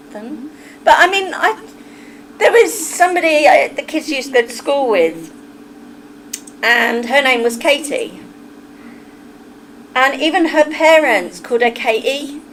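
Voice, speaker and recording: A middle-aged woman with a Kentish accent chats to her livestream audience in a slow, unhurried way. Her voice sits a little high, and her manner is forthright and talkative. A faint hiss of noise runs underneath. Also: very animated, a bit bright, low-quality recording. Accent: Kentish English. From England. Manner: chatty, opinionated, talks straight to chat. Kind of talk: casual livestream chat with viewers.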